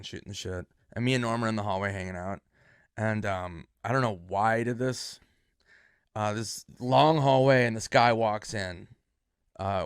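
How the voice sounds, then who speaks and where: A man's voice: fairly low pitch, a bit bright, dry recording, clean studio sound. A middle-aged man, a guest comedian, telling casual profane anecdotes and acting out other people's lines with a rising voice.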